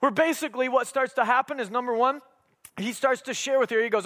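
A man's voice: very high-pitched, fast talker, fairly bright tone. A man preaching a sermon in an emphatic, conversational manner with humorous asides.

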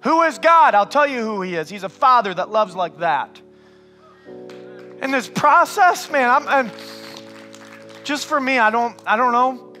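A man with a very high, bright and forceful voice preaches a sermon. He talks to the room like a friend, keeps saying "man", and swings from loud bursts to near-hushed passages. Soft music plays faintly behind him. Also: expressive, a little slow, pauses often. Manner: calls listeners "man". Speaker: pastor.

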